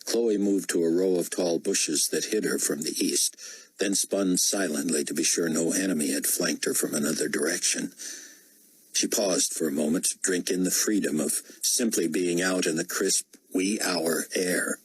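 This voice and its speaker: A man reading an audiobook in steady, measured narration. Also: deep voice, breathy edge, rough recording. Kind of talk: scripted narration.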